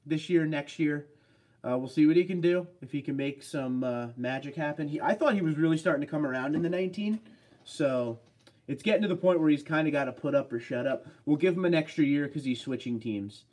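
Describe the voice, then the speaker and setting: A man's voice: fairly high pitch, brisk, a little mellow. A man in his thirties hosting a casual home livestream, rambling as he reads out and answers viewer comments. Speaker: livestream host.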